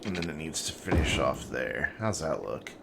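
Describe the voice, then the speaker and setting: A man's voice: very deep voice, lively intonation, normal speed, gravelly, very noisy. A man giving casual, chatty live-stream commentary while playing a game, talking to himself and to his chat. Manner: talking with mouth full.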